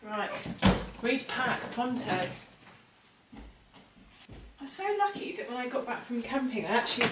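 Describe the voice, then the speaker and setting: A woman's voice: a little high, unhurried, pauses often. A young woman in her twenties, talking in a rambling, confiding way as she vlogs her day. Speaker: lifestyle vlogger. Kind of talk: chatty vlog narration. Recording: echoey room, faint noise.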